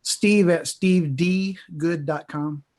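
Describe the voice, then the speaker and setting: Male co-host, raised pitch, quick practical interjections in casual chat. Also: a little mellow.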